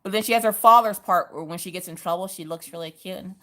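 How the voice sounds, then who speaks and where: A woman hosting a casual crafting livestream, telling family stories in a lively, animated way. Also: fairly low pitch, quick pace. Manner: lively storytelling, acting out family voices. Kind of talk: casual chat while crafting.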